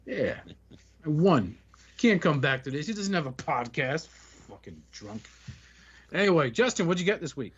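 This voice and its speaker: A male podcast co-host in loose, casual chat, cracking crude jokes and swearing freely. His voice sits a little high for a man, and the audio is dull and lo-fi. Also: animated, moderate pace, slight background noise. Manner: crude, joking, profane.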